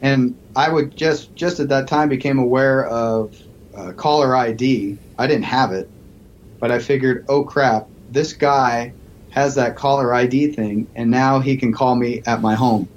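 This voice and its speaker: Male podcast guest, negotiator and professor, animated storyteller, slightly muffled audio with light noise. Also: mid-range voice, a little slow. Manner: animated storyteller acting out quoted voices.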